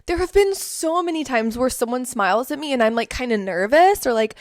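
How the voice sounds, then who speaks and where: A woman's voice: high-pitched, expressive, fairly quick, no room sound, studio quality. A young woman from the Southern United States talking casually in a vlog, with lots of "like" and "um". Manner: chatty, peppered with "like" and "um". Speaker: vlogger.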